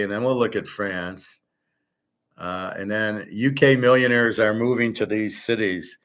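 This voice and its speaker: Man, lowish voice, blunt, ranting, casual commentary host. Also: fairly bright tone. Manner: blunt, ranting, swears freely.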